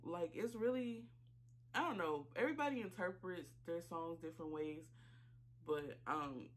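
A woman reaction vlogger, talking casually while choked up and tearful, halting with many fillers and apologies. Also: lowish voice. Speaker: YouTube reaction channel host. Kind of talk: casual reaction vlog talk.

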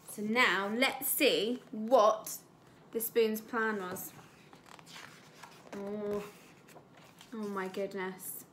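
A woman teacher with an English accent reads a storybook aloud to young children, pausing to explain words and ask them questions. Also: medium pitch, fairly even intonation, slight background noise. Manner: slow, gentle and explanatory, asking the children questions. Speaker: primary school teacher.

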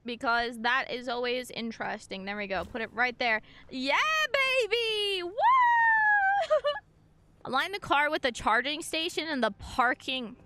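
A young woman streaming a game, giving bubbly, excitable commentary and talking to her chat. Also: a little high, normal speed, hardly any pauses, a little hiss or hum. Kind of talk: gameplay commentary.

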